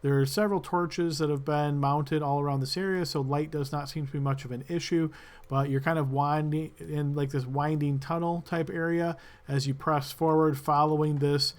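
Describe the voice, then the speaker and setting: Man narrating as game master, slightly high voice. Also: fairly even intonation, normal speed. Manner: loose, filler-heavy description.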